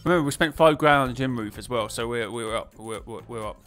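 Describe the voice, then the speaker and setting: A man talks through his game in a loose, excitable way, muttering plans to himself and breaking into laughs. His voice sits at an ordinary middle pitch. Faint music plays underneath. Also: fast talker. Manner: chatty, excitable, self-talking with laughs. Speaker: gaming YouTuber. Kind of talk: casual gameplay commentary.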